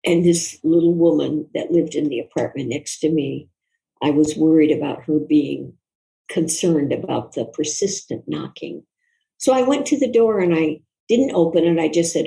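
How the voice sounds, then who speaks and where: Low gravelly older woman telling her story. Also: animated, moderate pace, low-quality recording. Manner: reflective, soft-spoken, earnest. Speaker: guest, author. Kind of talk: personal storytelling in an interview.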